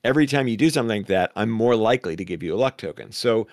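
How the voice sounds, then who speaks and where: Low-voiced man explaining calmly. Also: racing, no room sound, studio quality. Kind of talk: casual podcast chat.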